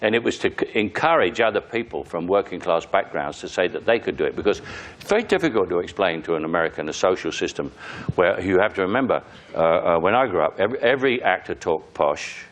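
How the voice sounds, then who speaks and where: A man's voice: low-pitched, lively intonation, fast, few pauses. An older man with a London accent, a guest talking bluntly in an interview and laughing as he goes. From England. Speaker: actor guest. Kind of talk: casual interview.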